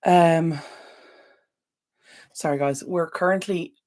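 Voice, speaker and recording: Irish woman, low voice, chatty live-stream host, rambling and sympathetic to viewers. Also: fairly even intonation, takes it slowly, a little mellow. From Ireland. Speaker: decluttering channel host. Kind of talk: casual live-stream chat.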